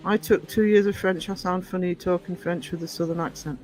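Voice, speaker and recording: A woman's voice: fairly low pitch, fairly even intonation, a little fast, darkish tone, faint music behind, low-quality recording. A woman from northern England hosting a casual live stream, chatty, reading out the chat and laughing often. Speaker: livestream host.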